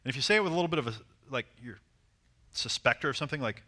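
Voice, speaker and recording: A man coaching a seminar audience on dating, animated and acting out short bits of dialogue. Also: medium pitch, racing. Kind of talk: seminar talk to a live audience.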